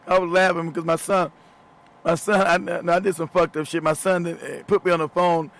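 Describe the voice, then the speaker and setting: Middle-aged man, show host, high voice, casual storytelling, frequent laughter, profane, stumbling repeats. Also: flat delivery, normal speed, vocal fry, a bit bright.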